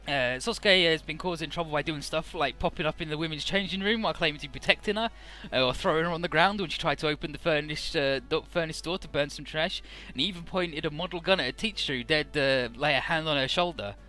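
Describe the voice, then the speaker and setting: A man's voice: fairly high pitch, fast talker, hardly any pauses, pushed and bright, faint music behind. A man casually recapping a game's story in an offhand, profane, amused way, with frequent "uh"s.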